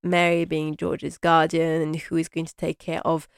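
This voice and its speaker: Chatty woman recapping, low voice, dry sound. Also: moderate pace, creaky, clean tone, no echo. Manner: chatty and rambling, many "like" and "you know" fillers; gushing and animated. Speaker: host recapping a TV drama. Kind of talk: casual recap chat.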